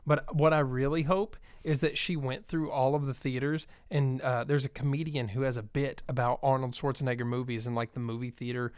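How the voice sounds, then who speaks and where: A man's voice: medium pitch, fairly even intonation, fairly quick, hardly any pauses, clean tone, dry recording, clean studio sound. A man co-hosting a casual movie-talk show who throws in wry, joking asides. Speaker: podcast co-host.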